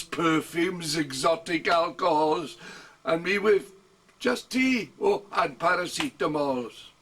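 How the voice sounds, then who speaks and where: Brief: older man, amateur poet, wry comic recitation, husky, recorded from across the room. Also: on the high side, a bit bright, recorded from a distance. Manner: wry storytelling delivery with chuckles and asides. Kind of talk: reciting his own comic poetry. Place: home.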